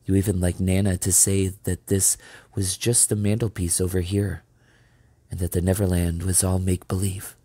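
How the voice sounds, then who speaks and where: A man reading a children's novel aloud as storyteller, steady and measured. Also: deep voice, dry recording.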